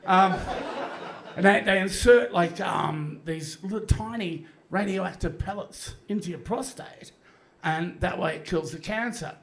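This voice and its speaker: An Australian man in his fifties works a comedy club crowd, rambling and self-mocking, dropping crude asides between fillers. His voice sits a little high for a man, and a faint hiss runs under it. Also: measured pace, vocal fry, a bit bright. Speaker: stand-up comedian. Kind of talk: live stand-up routine. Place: comedy club stage, audience laughing.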